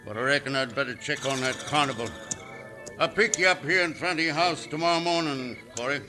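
An actor playing a blunt small-town Western sheriff with a gruff drawl in an old radio drama. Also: male voice, a little high, a little fast, close to an everyday voice. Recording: old radio recording with music.

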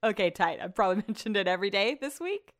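A young woman casually telling stories to her viewers at home, animated and sprinkled with swearing and "like". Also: mid-range voice, quick pace. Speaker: vlogger. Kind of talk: casual chatty storytelling.

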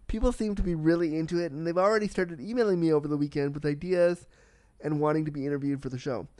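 A man hosting a solo podcast in a casual, candid and excitable way, swearing freely and talking with a slight cold. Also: on the high side, fast, no room sound. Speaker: podcast host.

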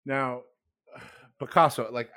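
A man's voice: medium pitch, steady tone, takes it slowly, sharp tone, faint music behind. A man in playful, teasing casual podcast chat. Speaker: podcast co-host.

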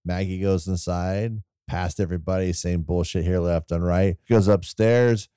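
Deep-voiced man chatting casually about a film. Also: moderate pace, smooth, no echo, clean studio sound. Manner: rambling, animated retelling with laughs and quoted asides. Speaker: podcast co-host.

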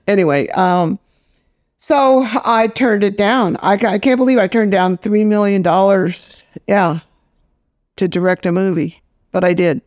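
A woman's voice: medium pitch, unhurried, darkish tone, dry recording, clean studio sound. An older woman film director, a guest in a casual interview, telling stories bluntly and with salty language. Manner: blunt, salty, storytelling with laughs.

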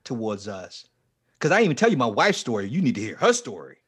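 A man in his forties, a ministry leader, telling his life story with strong emotion, dropping to a hush and then rising almost to a shout. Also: mid-range voice, very animated, fast talker, breathy edge. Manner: passionate, swings from hushed to near-shouting. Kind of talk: emotional testimony in an interview.

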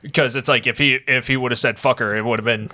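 A man's voice: mid-range voice, steady tone, fast talker, bright, forceful tone. A man co-hosting a podcast in casual chat, rambling and restarting as he tells stories. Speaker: podcast co-host.

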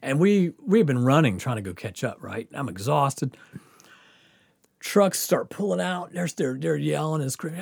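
A man's voice: a little high, moderate pace, gravelly, breathy edge, no room sound. A man hosting a podcast, telling a story casually with lots of laughter and acted-out quotes. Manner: animated, laughing often, acts out quotes. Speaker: podcast host.

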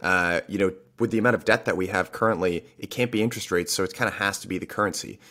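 A man's voice: low-pitched, fast talker, sharp tone. A young adult man hosting a podcast in a casual conversation, loose and searching for words, with lots of fillers. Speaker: podcast host.

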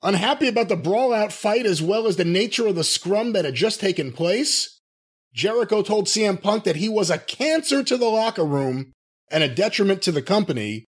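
A man's voice: high voice, animated, moderate pace, slightly rough. A man co-hosting a podcast, talking in an incredulous, mocking and profane way. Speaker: podcast co-host. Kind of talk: casual podcast chat.

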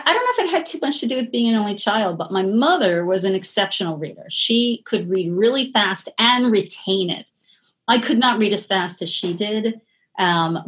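A middle-aged woman as an interview guest, talking in a rambling, chatty way with many restarts and light laughter. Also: medium pitch. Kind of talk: casual interview conversation.

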